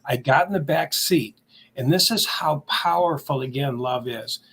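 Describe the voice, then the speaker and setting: A man's voice: mid-range voice, measured pace, fairly bright tone, slightly rough. A man telling an emotional personal story on a talk show, earnestly acting out what he said back then. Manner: earnest, emotional retelling with acted-out quotes.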